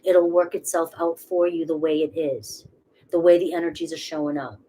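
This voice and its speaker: A woman's voice: sits low, steady tone, normal speed, mellow, a little hiss or hum. A woman with a Boston accent, reading tarot cards live in a casual, chatty way and swearing freely. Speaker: tarot reader.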